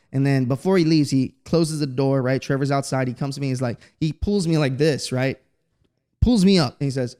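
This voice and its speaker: Here the Texas host sounds a little high and smooth, talking fairly quickly. He tells his podcast stories with lively energy, swearing and using plenty of slang.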